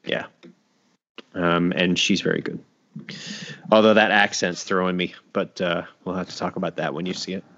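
Man, podcast host, casual chat, very low pitch, dull lo-fi sound. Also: flat delivery, normal speed, pauses often, fairly bright tone. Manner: chatty, laughs often, trails off and restarts.

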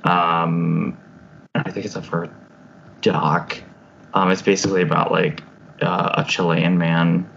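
Man, podcast guest, casual chat, hesitant, gravelly, dull lo-fi sound. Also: deep voice, flat delivery, takes it slowly, long pauses, fairly bright tone, a little hiss or hum. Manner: hesitant, hedging, many fillers.

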